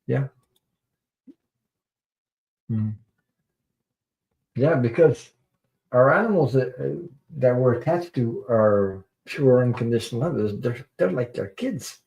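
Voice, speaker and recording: A man's voice: mid-range voice, expressive, slow, vocal fry, pauses often, a little mellow. A man hosting a tarot live stream, telling a personal story in an earnest, rambling way and repeating words for emphasis.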